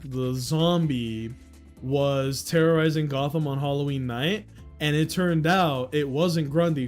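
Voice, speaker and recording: A young man rambles casually on his livestream, swearing and breaking into loud outbursts. His voice sits a little high, with faint music underneath. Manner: excitable, swearing, with sudden loud outbursts and laughs. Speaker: streamer.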